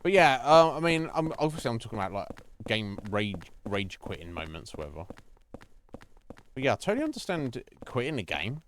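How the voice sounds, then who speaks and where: A man's voice: medium pitch, sing-song, a little fast, a little hiss or hum. A man streaming a horror game, chatting casually, rambling and swearing often as he laughs at himself. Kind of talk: casual live gameplay chat.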